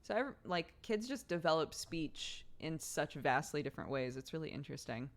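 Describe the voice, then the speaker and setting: A woman's voice: low voice, lively intonation, moderate pace. A young woman streamer chatting casually with her viewers, giggly and rambling as she tells stories. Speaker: streamer host reading chat.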